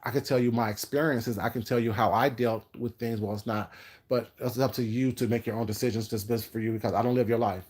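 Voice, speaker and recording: A man's voice: medium pitch, fairly even intonation, fast talker, darkish tone. Rambling, sassy man telling stories. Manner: rambling, jumps between topics; brash, sassy and self-assured. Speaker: food vlogger. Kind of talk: casual storytelling to camera.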